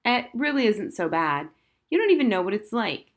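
A woman's voice: medium pitch, sing-song, moderate pace. A woman voicing a proper, strict mother scolding her daughter in a storybook reading. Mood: appalled. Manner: firm, prim.

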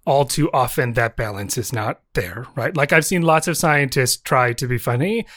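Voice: mid-range voice, moderate pace, a bit bright. An interview host asking thoughtful questions in a casual way, often restarting words mid-sentence.

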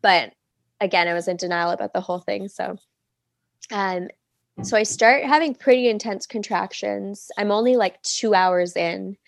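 Woman, 30s, podcast guest, chatty storyteller, mid-pitched voice, dry close recording. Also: normal speed, vocal fry, no echo. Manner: chatty, many "like" fillers, acts out quoted speech. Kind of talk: casual personal storytelling.

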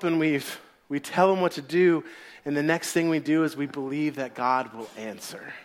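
A male pastor preaching a sermon as an animated storyteller who acts out the scenes. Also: fairly high pitch.

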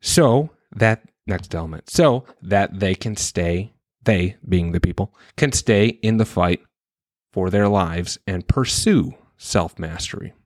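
A man with a fairly low voice hosts a solo podcast, musing aloud and often restarting his sentences. He talks frankly, with the odd curse. The sound is dry and close, with no room echo. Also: expressive, takes it slowly, darkish tone. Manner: reflective and rambling, with frequent restarts; frank, with occasional swearing. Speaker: podcast host. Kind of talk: casual solo podcast monologue.

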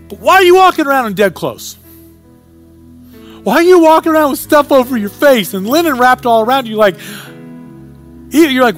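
A pastor delivering an animated sermon, swinging between excited urgency and quiet prayer. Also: male voice, extremely high pitch, normal speed, soft background music. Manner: animated preaching, sports metaphors.

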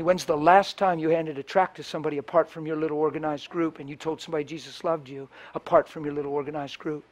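An impassioned male pastor preaching with a fairly high voice. He swings from loud, driving bursts to hushed, close storytelling. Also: fairly even intonation, fast talker, hardly any pauses. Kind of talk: sermon.

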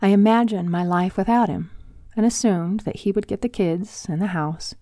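An older woman hosting her own podcast and reading aloud from her memoir in a calm, measured way. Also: medium pitch, no room sound, clean studio sound. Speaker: podcast host and author.

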